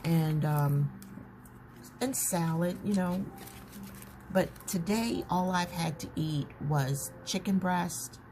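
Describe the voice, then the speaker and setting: A woman's voice: on the low side, takes it slowly. A woman chatting casually to her viewers while she flips through a journal. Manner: chatty, warm-hearted, talks to viewers as "y'all". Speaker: journaling vlogger. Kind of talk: casual chat. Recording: noticeable background noise.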